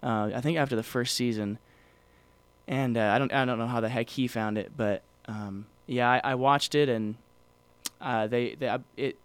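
This is a man with a smooth, clear voice, co-hosting a podcast in a loose, rambling way, full of ums and restarts. He sounds close and dry, with no room around him. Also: mid-range voice, fairly even intonation, moderate pace, no room sound. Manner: rambling, many fillers and restarts. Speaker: podcast co-host. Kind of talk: casual chat.

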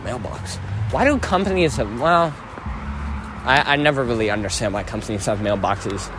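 A man's voice: mid-range voice, animated, moderate pace. Young male podcast co-host, crude joker, recorded walking a busy street. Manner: crude, joking, tells jokes with put-on voices. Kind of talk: casual chat while walking outdoors. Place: city street outdoors with traffic. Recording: street noise behind.

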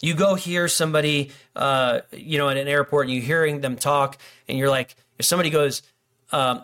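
Speaking at a normal speed with fairly even intonation, a middle-aged pastor preaches a relaxed, conversational sermon. His voice is on the high side and a bit bright, and he jokes and acts out little conversations between people.

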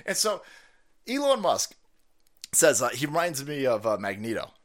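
A man's voice: medium pitch, big pitch swings, normal speed. Foul-mouthed ranting male streamer. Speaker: streamer host. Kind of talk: profane political rant stream.

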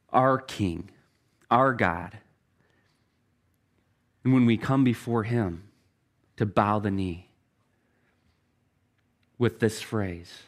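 A middle-aged pastor preaches a sermon earnestly, telling stories and slowing down to stress key phrases. His voice sits on the low side.

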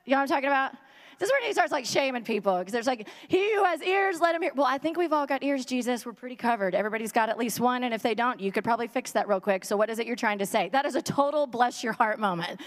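A woman with a high voice preaches in a loose, joking way, full of asides and filler words. Her voice rings out with a long echo, as in a large hall or church. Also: fast talker. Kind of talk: humorous casual sermon.

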